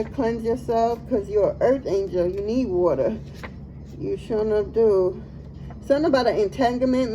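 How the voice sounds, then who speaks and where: A woman's voice: fairly high pitch, mellow, a little hiss or hum, rough recording. Laughing, slangy woman tarot reader. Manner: laughs often, slangy and playful. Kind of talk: casual tarot reading.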